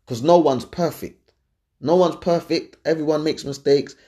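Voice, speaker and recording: A young man gives blunt, animated relationship advice in a casual, slangy way, repeating his points. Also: on the high side, normal speed. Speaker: advice-giving host.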